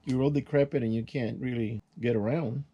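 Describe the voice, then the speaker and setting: Older man with a mellow, rambling voice. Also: steady tone, fairly quick, breathy edge, highs cut off. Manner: rambling, folksy, with restarts and sound words like "boom". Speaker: channel host. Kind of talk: casual vlog storytelling while working.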